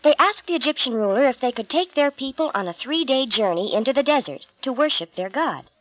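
A woman reading a Bible story aloud, calm and clear in her storytelling. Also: high-pitched, brisk, dry recording, poor audio.

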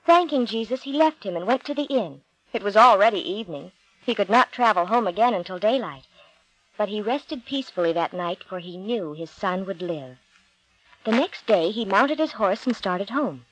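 A woman narrating a Bible storybook in a slow, expressive, deliberate reading. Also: mid-range voice, dry recording, low-quality recording.

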